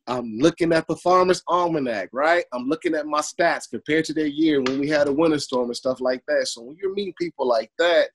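A man's voice: a little high, sing-song, fairly quick, few pauses, husky, low-quality recording. A man who works as a barber, talking earnestly in an interview over a video call and repeating his points for emphasis. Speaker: barber guest. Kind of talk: casual conversational interview.

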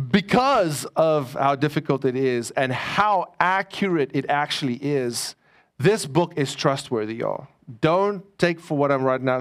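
A man preaching to his congregation in a relaxed, talky sermon. His voice sits a little high for a man. He drops in jokes and asides as he teaches. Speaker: pastor.

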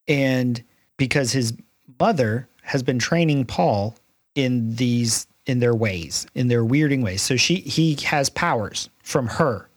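A man's voice: mid-range voice, dry recording. Middle-aged man, dry close sound. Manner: halting, many restarts. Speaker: podcast co-host. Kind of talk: casual faith discussion.

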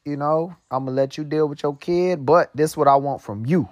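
A man talking in a loose, profane monologue full of street slang and filler asides. He drawls slowly and then breaks into quick, heated storytelling. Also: on the high side, a little mellow, dry recording. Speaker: host. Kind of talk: casual monologue.

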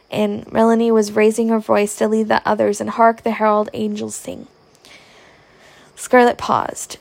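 A woman reading a classic novel aloud, at a steady, unhurried pace. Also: on the high side, vocal fry, no room sound. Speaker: audiobook reader.

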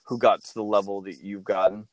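A man's voice: lowish voice, flat delivery, brisk. A man from Portland, a guest in a casual interview, chatty and jokey, telling anecdotes.

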